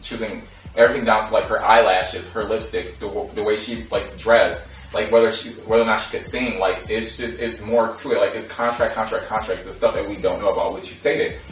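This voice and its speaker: A man who is a podcast guest, debating in a rapid way with lots of restarts and fillers. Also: lowish voice, fairly even intonation, faint music behind. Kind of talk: casual debate. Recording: echoey room, mic at a distance.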